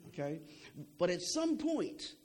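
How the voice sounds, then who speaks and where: A man's voice: sits high, very animated, takes it slowly, a little mellow. A young adult man preaching a sermon in a conversational way, often checking in with "okay?" and repeating words as he goes.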